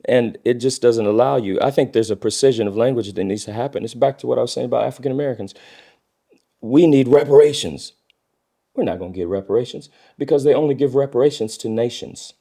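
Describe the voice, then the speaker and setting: A man's voice: mid-range voice, fast, creaky, warm tone. Earnest middle-aged man in casual discussion. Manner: earnest, acts out quoted speech in a raised voice. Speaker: guest.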